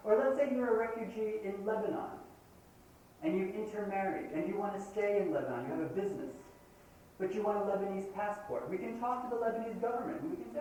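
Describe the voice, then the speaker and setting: A man's voice: high-pitched, fast talker, a little mellow. A Palestinian man giving an impassioned university lecture, arguing his points and acting out the voices of others. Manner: impassioned, argumentative, quotes opponents in shifting voices. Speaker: guest lecturer. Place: lecture hall. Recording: roomy hall, distant mic, faint hiss, old tape.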